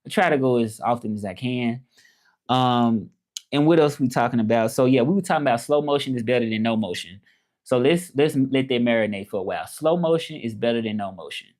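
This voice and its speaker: A man from Memphis, hosting a casual live chat and repeating his phrases slowly as he thinks them over. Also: medium pitch, lively intonation, a little mellow. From Memphis, Tennessee, USA. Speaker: livestream host.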